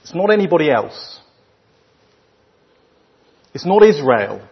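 A man with a British accent delivers a sermon at a deliberately slow pace. His voice is husky and sits a little high. The recording is dull and lo-fi, as if taken in a church. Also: big pitch swings. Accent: British English. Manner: emphatic, with rhetorical questions and weighty pauses. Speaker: preacher.

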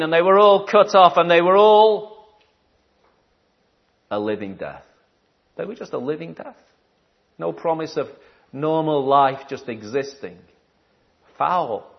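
A man with a fairly high voice preaches to his congregation in a relaxed, conversational way. He asks the room questions, then repeats his key phrases for weight. The recording sounds dull and lo-fi. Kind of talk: sermon.

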